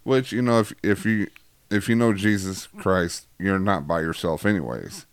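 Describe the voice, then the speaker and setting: A man's voice: deep voice, moderate pace, clear, resonant tone. A man hosting a casual faith chat who talks in a rambling, joking way with many fillers. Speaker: host.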